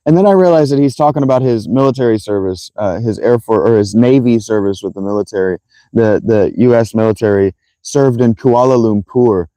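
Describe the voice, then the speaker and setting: A man chatting on his own livestream, rambling and swearing as he retells a story with lots of energy. His voice is mellow and relaxed. The sound is dry and close, with no room echo. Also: fairly low pitch, a little fast. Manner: rambling, profane, animated storytelling. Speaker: livestream host. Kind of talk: casual livestream chat.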